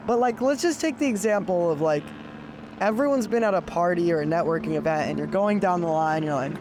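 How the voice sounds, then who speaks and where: Young man, podcast host, high-pitched voice, reflective, lots of filler words. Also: fairly quick, noisy background. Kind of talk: casual conversation.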